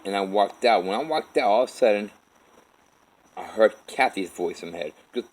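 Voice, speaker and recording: A man telling his own life story in a halting, rambling way, with many restarts. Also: on the low side, darkish tone, poor audio. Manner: halting, with restarts and repeated "all of a sudden". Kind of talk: rambling first-person storytelling.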